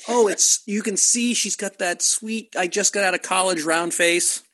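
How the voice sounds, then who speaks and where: A man's voice: sits high, normal speed, bright, forceful tone. A man co-hosting a casual movie podcast, making exasperated, sarcastic complaints. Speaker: podcast co-host. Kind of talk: casual movie-review chat.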